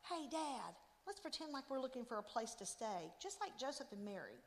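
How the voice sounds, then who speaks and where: A woman voicing an excited young boy in a story read aloud. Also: a little high, moderate pace, long reverb tail, slight background noise.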